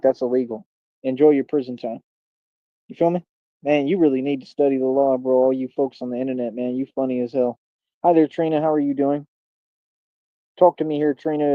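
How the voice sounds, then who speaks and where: A combative man hosts his own live stream and goads his critics while looping back to the same catchphrases. His voice sits at an ordinary pitch. The sound is dry and a little dull, like a home streaming setup. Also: dry recording. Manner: combative, taunting, repeats catchphrases. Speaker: livestream host. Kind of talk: casual live-stream rant.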